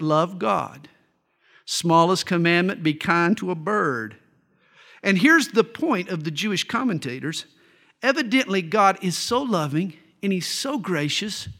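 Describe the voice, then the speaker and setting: A man's voice: fairly high pitch, fairly bright tone. A middle-aged man preaching a sermon, reading Bible verses and telling folksy stories and jokes. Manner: folksy storytelling, tells jokes. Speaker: pastor.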